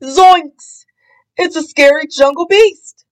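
A woman reading a storybook aloud, voicing a jittery, easily scared young man who yelps and says "like," a little higher than her narration. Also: expressive, measured pace, a bit bright. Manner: yelping, says "like".

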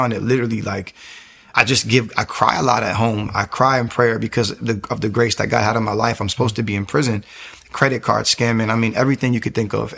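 A man's voice: mid-range voice, gravelly, pushed and bright. A young man in his twenties from the United States telling his personal testimony in an earnest, rambling way with many restarts. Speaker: guest sharing testimony. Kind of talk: personal testimony, casual storytelling.

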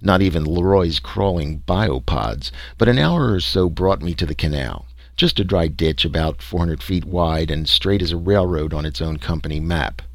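A man's voice: deep voice, moderate pace, no room sound. A man voicing a wry, sarcastic explorer recounting his trek. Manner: sarcastic, dry storytelling.

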